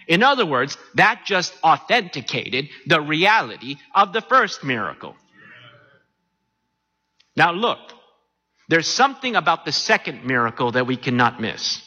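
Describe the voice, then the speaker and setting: A man preaching a sermon, animated and often asking his listeners questions. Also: a little high, moderate pace, breathy edge, lo-fi sound. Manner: animated, asks the congregation questions. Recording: long hall reverb.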